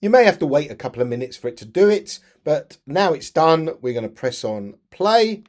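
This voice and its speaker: A man talking teachers through a software tutorial in a chatty, step-by-step way. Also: on the high side, big pitch swings, moderate pace. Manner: chatty, step-by-step, frequent restarts. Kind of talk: screen-share tutorial narration.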